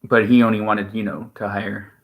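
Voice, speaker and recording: A man's voice: on the low side, flat delivery, normal speed. A man co-hosting a stream in casual chat, rambling and opinionated, with many restarts. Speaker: stream co-host.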